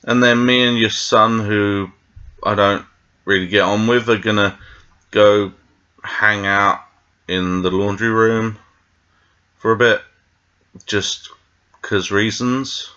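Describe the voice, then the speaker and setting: A man's voice: lowish voice, steady tone, takes it slowly, long pauses, sharp tone, clear, resonant tone, muffled recording. A man voicing a young male survivor who awkwardly pleads to learn how to use a gun. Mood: pleading.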